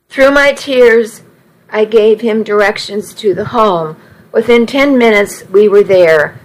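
A woman reading a first-person story aloud in a slow, measured way. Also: medium pitch, low-quality recording. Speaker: narrator.

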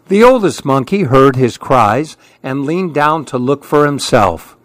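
Slow, gentle male storyteller. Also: mid-range voice, no room sound. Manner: slow, gentle, expressive reading. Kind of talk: children's story read-aloud.

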